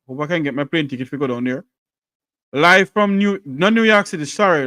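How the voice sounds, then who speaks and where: A man hosting a call-in show. He addresses his listeners directly and plainly, in a fairly high voice. The sound is dry and close. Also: expressive, a little fast, bright, forceful tone, no room sound. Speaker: talk show host.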